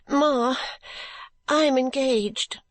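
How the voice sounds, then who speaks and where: A woman's voice: on the high side, unhurried, dry recording, pitched above the performer's own voice. A woman voicing a tearful young daughter who pleads with her mother through sobs. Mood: pleading tearful. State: sobbing.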